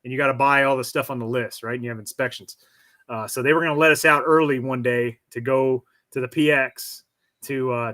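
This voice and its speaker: A man in his forties, a guest on a stream, tells a story casually and frankly, often restarting phrases as he works through them. His mid-range voice is fairly bright and forceful, and his pace is measured.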